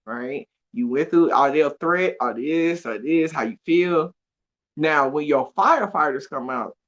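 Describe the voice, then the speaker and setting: Woman, podcast guest, expressive, laughs often, lively pitch. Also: highs cut off. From Atlanta, USA. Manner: animated, expressive storytelling with frequent laughs. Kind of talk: casual conversation.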